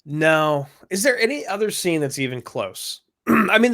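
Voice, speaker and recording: An excitable man on a podcast mic, casually chatting about a film. His voice sits a bit high and swings widely in pitch. He keeps jumping into quick, loud impressions of lines from the movie. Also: gravelly. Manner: animated, breaks into loud movie-quote impressions. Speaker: podcast co-host.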